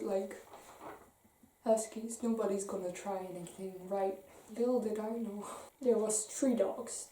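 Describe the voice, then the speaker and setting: A woman's voice: medium pitch, warm tone, distant mic. A young woman telling a casual storytime, chatty and full of "like". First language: Dutch. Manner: chatty, lots of "like", laughs between lines. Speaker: vlogger. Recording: roomy sound, off-mic.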